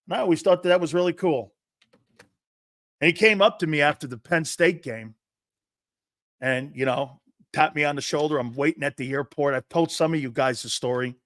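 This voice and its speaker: A man in his fifties hosting a sports talk show, telling rambling, animated anecdotes with many restarts. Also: fairly high pitch, moderate pace, pauses often, no room sound, clean studio sound. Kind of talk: casual storytelling and show hosting.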